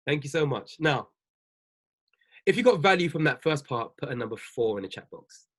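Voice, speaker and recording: Speaking a little slowly, a business coach delivers a motivational talk to his livestream audience in a husky, slightly bright, sing-song voice. He keeps restating his points emphatically, his pitch swooping high and low, with frequent laughter between them.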